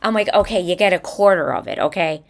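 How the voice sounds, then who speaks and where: A woman's voice: on the low side, fast talker. A woman in her thirties co-hosting a casual podcast chat, telling stories about her kids and acting out their words. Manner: animated storytelling, acting out her son's lines. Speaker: podcast co-host.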